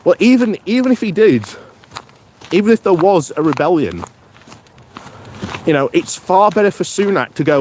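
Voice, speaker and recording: A man's voice: on the high side, animated, moderate pace, a little hiss or hum. A man giving casual live-stream commentary outdoors on a morning walk, rambling, chuckling often and greeting viewers by name. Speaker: political vlogger reading live chat.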